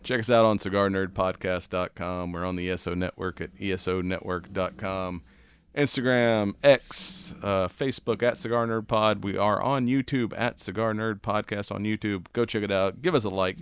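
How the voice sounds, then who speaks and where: A man hosting a casual podcast, hoarse and raspy after a weekend of cigars and whiskey, talking in a laid-back, rambling way with easy laughs. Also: fairly low pitch, fairly bright tone, no echo. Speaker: podcast host.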